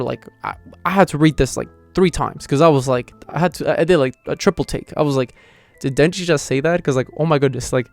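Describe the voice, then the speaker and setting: A man as a casual YouTube manga reviewer, mid pitch, animated retelling, filler-heavy. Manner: rambling, lots of "like" and "you know" fillers. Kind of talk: casual chapter review and reaction.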